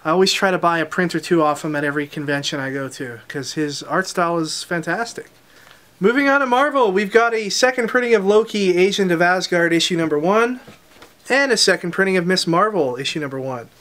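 A man with a notably high voice runs through the week's comic arrivals in a casual unboxing style. He lists the releases one after another at a brisk clip and drops in short offhand comments between titles. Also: expressive, fairly bright tone. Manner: brisk title-by-title listing with quick asides. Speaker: comic shop host presenting new releases.

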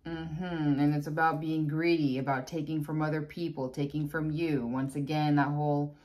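A woman's voice: low-pitched, steady tone, moderate pace, darkish tone. A woman giving a casual tarot reading, chatty and blunt, with exasperated asides. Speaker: tarot reader.

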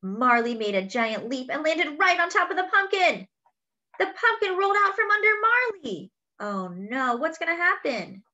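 A woman reading a picture book aloud to children, expressive and exclaiming over the pictures. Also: high voice, moderate pace, muffled recording. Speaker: children's story reader. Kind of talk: read-aloud storytelling.

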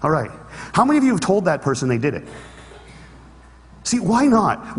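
A man giving an earnest inspirational talk on stage, telling a story with humorous asides. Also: on the high side. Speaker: speaker. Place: large hall with an audience. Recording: reverberant hall.

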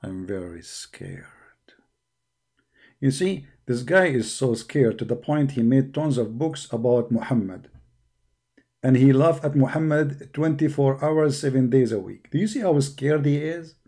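Sarcastic mellow-voiced man taunting. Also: mid-range voice, normal speed, husky. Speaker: online debater. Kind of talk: mocking stream monologue.

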